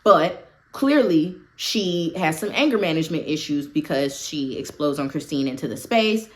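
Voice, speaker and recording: A woman's voice: low-pitched, lively intonation, moderate pace. A woman casually recapping a horror film for her channel, talkative and full of opinionated asides. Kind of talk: casual movie recap commentary.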